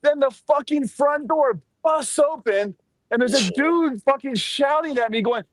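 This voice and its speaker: A high-voiced man tells a story in a lively, casual way and swears freely. The recording is close and bone dry. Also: no echo, low-quality recording. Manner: animated, profane, quick asides. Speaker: storyteller on a live stream.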